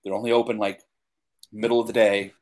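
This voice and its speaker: A young man co-hosting a casual podcast, talking with excitement and leaning on fillers like "like" and "dude". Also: lowish voice, fairly quick. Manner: enthusiastic, filler-heavy, says like and dude a lot. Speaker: podcast co-host. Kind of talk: casual chat.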